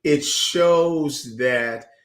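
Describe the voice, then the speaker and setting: A man's voice: fairly high pitch, extremely slow, fairly bright tone. A male host in a casual interview who answers with affirming remarks that lean toward preaching.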